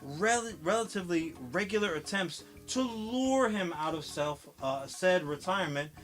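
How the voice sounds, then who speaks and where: A man's voice: high-pitched, expressive, moderate pace, fairly bright tone, soft background music. A man casually recapping a film on a podcast, swearing often and acting out the characters' lines. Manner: profane, rambling storytelling with acted quotes. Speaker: podcast co-host.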